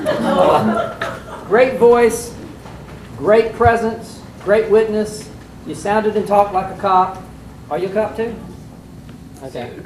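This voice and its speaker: A middle-aged man with a drawl, critiquing mock trial students as a judge. He coaches in a folksy, blunt, joking way. He is heard from a distance in an echoey room with a faint background hiss. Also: sits high. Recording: echoey room, mic far off, faint noise.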